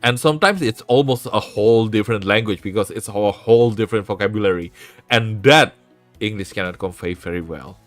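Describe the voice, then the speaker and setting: A man's voice: lowish voice, brisk, no room sound, faint music behind. Chatty man with a Jaksel accent. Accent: South Jakarta (Jaksel) Indonesian. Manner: rambling, self-mocking, laughs often. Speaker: vtuber streamer. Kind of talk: casual chat with chat, switching languages.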